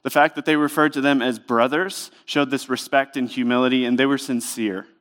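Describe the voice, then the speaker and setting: Smooth-voiced pastor preaching conversationally. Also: male voice, medium pitch, steady tone, brisk, a bit bright. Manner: conversational, emphatic preaching with rhetorical questions. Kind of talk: sermon. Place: church.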